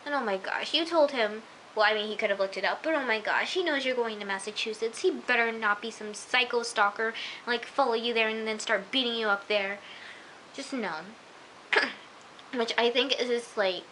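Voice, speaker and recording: Woman vlogger, bright higher voice, excitable and chatty, slips into hushed asides. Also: moderate pace, a little hiss or hum, low-quality recording. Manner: gushing, exclamatory, full of filler words. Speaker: TV episode reviewer. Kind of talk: casual chatty review.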